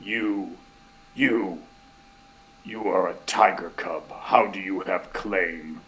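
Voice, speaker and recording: A man voicing a solemn bear-tribe figure named Koda, speaking slowly and gravely in a clear, hearty voice. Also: low voice, a bit bright, pitched below the performer's own voice, poor audio. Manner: slow, grave, measured.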